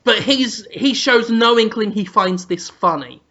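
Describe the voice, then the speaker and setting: A man's voice: high voice, unhurried. A man telling an absurd, vulgar comic story as a podcast co-host. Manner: animated, vulgar, deadpan absurd. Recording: dull lo-fi audio.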